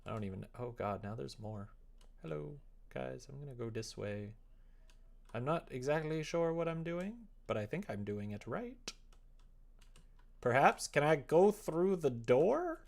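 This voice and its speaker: A man talking his way through a game on a live stream, half reading and half joking. His asides are wry and easygoing, with an even, mid-range voice. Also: medium pitch, normal speed, vocal fry. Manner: playful, wry asides while reading game text aloud. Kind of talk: casual live-stream commentary.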